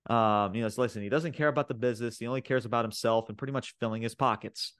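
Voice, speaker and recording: Male podcast co-host, casual and profane, lots of "um" and "like", middle pitch, dry recording. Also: steady tone, fast, fairly bright tone, smooth, dry recording. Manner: profane, laughing, heavy fillers. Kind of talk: casual wrestling podcast chat.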